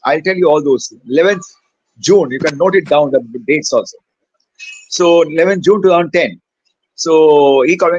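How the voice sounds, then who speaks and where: A man's voice: a little high, normal speed, darkish tone, dry recording, muffled recording. An older man with an Indian English accent telling his own story in an interview, acting out the dialogue and switching between English and Hindi. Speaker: senior cardiologist, interview guest. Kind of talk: animated personal storytelling.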